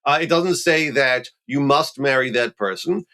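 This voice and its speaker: A middle-aged man from Montreal, a rabbi explaining ideas in a relaxed conversational way, animated and playful with quick asides. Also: medium pitch, clean tone. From Montreal, Canada. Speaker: rabbi, guest.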